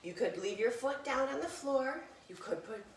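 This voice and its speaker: Filmed doing poses in an echoey indoor room, a high-pitched woman teaches kids' yoga at a normal pace, animatedly reading a picture book and cheerfully coaxing them through each pose. The mic is distant, with a little hiss or hum.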